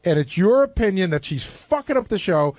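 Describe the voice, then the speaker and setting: A man's voice: high-pitched, sing-song, fairly quick, darkish tone, dry recording. A man on a radio show arguing pointedly and teasing a colleague in casual studio banter.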